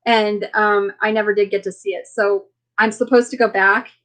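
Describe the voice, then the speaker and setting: A woman hosts a casual live stream chat in a mid-pitched voice. She rambles from story to story, restarting her sentences and often breaking into laughter. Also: little pitch movement, normal speed, fairly bright tone, low-quality recording. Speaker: livestream host.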